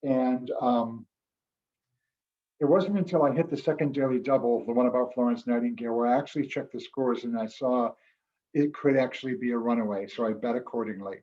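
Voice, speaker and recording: A man's voice: medium pitch, fairly quick, mellow, dull audio. A man telling a reflective, earnest story as a guest speaker on a video call, getting emotional at moments. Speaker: guest speaker, former quiz show champion. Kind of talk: storytelling talk at an online club meeting.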